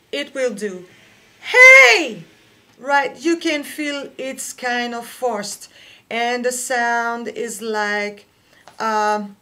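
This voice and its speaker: Slow-spoken French-speaking woman teaching singing. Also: on the high side, a bit bright. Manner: slow, careful explaining with fillers. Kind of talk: vocal lesson with sung demonstrations.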